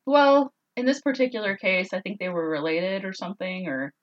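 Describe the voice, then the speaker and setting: A woman's voice: medium pitch, lively intonation, brisk, highs cut off. A woman co-hosting a casual podcast, retelling an old story in a chatty, joking way. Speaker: podcast co-host.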